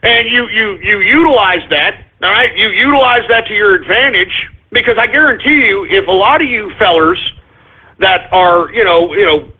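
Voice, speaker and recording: A man's voice: high voice, animated, moderate pace, breathy edge. A man hosting a talk radio show, ranting in an abrasive, confrontational way. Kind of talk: call-in radio rant. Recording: tinny phone-like lo-fi audio.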